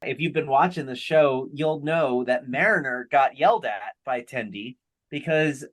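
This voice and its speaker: A man's voice: mid-range voice, normal speed. A man co-hosting a podcast, casually recapping an episode with jokes and frequent laughter. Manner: jokey, laughing often. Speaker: podcast co-host.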